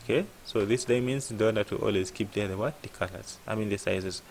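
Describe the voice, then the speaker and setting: A man with a low, gravelly voice talks through a coding lesson as he works on screen. He keeps asking "what?" and then answers it himself. A faint hiss sits under the recording. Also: fast talker. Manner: thinks aloud, asks "what?" and answers himself. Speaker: programming tutor.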